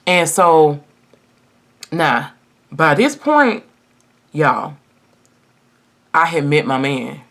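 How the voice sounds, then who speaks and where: A woman's voice: sits low, very animated, drawn-out words, long pauses, a bit bright. Chatty young woman telling a storytime. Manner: chatty and emphatic, addresses viewers as y'all. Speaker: vlogger. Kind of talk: casual storytime while getting ready.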